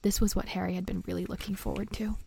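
A woman reading a storybook aloud in a soft, often whispered voice. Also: medium pitch, little pitch movement, fast talker, gravelly, husky, no room sound. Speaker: reader.

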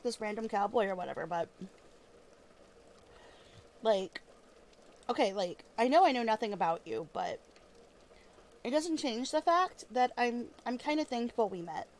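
A woman's voice: a little high, darkish tone, slight background noise. A woman acting as a weary, foul-mouthed female ex-killer trying to live in peace, talking casually with lots of fillers and restarts, sometimes with her mouth full, in an audio role-play drama. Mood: confessional. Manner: chewing food while talking.

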